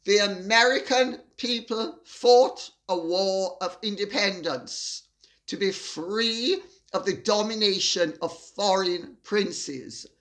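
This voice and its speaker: An older woman gives an indignant opinion monologue. She talks slowly and deliberately and leans hard on the stressed words. Her voice sits in a middle pitch range. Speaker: commentator.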